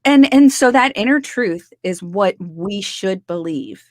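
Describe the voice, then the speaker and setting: A woman's voice: medium pitch, animated, unhurried, a little mellow, dry recording, studio quality. A young adult woman from the United States co-hosting a casual podcast, enthusiastic, often repeating words as she restarts. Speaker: co-host.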